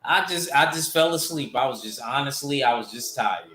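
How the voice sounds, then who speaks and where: A man's voice: medium pitch, animated, moderate pace, pushed and bright, echoey room. A man hosting a casual boxing livestream, rambling loosely and answering his chat. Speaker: boxing show host reading chat.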